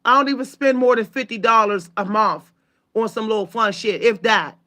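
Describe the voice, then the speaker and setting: Heated, bright-voiced woman venting. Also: on the high side, normal speed. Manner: profane, heated, emphatic storytelling. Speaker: channel host. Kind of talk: angry venting monologue to viewers.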